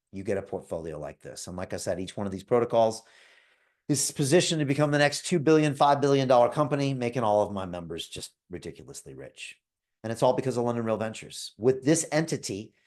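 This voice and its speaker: A man hosting a live call and giving a motivational pitch, speaking emphatically, calling on listeners by name and asking "right?" again and again. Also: darkish tone. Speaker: host pitching an investment club.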